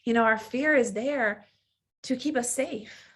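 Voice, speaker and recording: Earnest higher-voiced woman teaching. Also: unhurried, a bit bright, breathy edge. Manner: earnest, acts out inner voices of fear. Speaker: Enneagram teacher and coach. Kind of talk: reflective teaching monologue.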